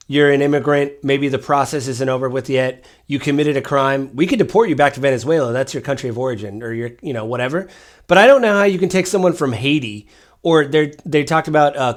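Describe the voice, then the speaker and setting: A man co-hosting a podcast, chatting casually about politics with rambling, animated storytelling. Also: medium pitch. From Washington State. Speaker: podcast co-host.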